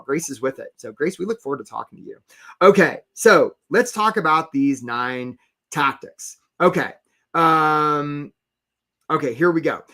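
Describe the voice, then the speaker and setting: A man coaching job seekers in a live webinar, talking fast and energetically and addressing viewers in the chat. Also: on the high side, a bit bright. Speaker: career coach hosting a webinar.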